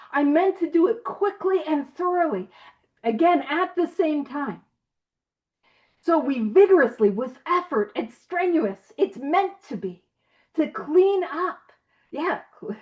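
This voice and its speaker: A woman with a high voice leads an online recovery book study, playful and animated, often slipping in laughing asides. Her audio comes through a video call and sounds slightly dull and lo-fi. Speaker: study group leader.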